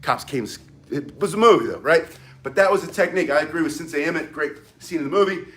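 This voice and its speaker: A man's voice: fairly high pitch, lively intonation, quick pace, fairly bright tone. A man teaching walking stick self-defense on a live stream, talking in a loose, rambling way and greeting viewers between moves. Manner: rambling, chatty, greets viewers mid-demonstration. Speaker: martial arts instructor.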